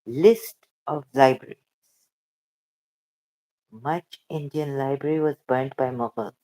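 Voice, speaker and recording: Slow-talking host, halting and emotional, casual livestream chat. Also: mid-range voice, dark tone. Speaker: channel host.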